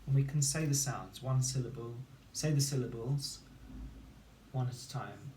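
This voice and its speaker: A man teaching a phonics lesson to children, slowly and clearly sounding out each word syllable by syllable. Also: mid-range voice, a little mellow, a little hiss or hum. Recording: roomy echo, distant mic, faint ambience.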